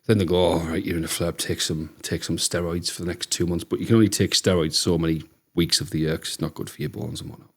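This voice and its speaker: A man in his thirties with a Teesside accent, telling lively stories as a podcast guest and acting out what people said. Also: deep voice, quick pace, gravelly, breathy edge. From Teesside, England. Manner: chatty, animated storyteller who acts out quotes. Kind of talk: casual storytelling chat.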